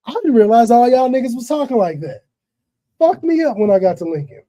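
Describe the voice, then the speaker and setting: A man from the Chicago area with a Chicago accent, hosting a casual podcast chat with animated, profane storytelling. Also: very high voice, fairly quick. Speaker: podcast host.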